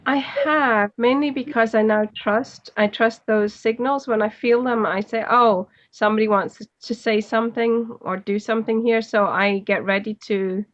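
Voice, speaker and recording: A woman with a high voice tells her story in a giggly, emotional way. The sound is dull and lo-fi, like a remote call. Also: fairly even intonation, moderate pace, hardly any pauses. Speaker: guest. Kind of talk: casual spiritual chat.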